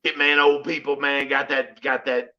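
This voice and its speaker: A man's voice: medium pitch, flat delivery, normal speed, pushed and bright. A man with a Southern accent hosting a livestream, talking loosely and profanely and peppering his speech with "you know what I'm saying". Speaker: livestream host. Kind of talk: casual livestream chat. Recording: muffled lo-fi stream audio.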